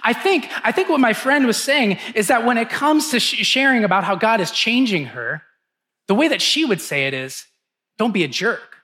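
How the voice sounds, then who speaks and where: A male pastor in his thirties preaching in a relaxed, conversational way. His voice sits high and sounds bright. He tells stories and acts out the lines people said. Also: moderate pace. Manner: conversational storytelling, acts out quotes. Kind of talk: sermon.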